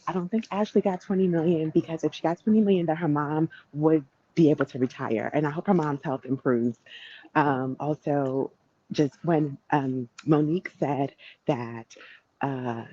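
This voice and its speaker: A woman's voice: sits low, normal speed, mellow, no echo, muffled recording. A woman calling in, speaking hesitantly with fillers. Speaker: caller. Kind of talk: call-in opinion.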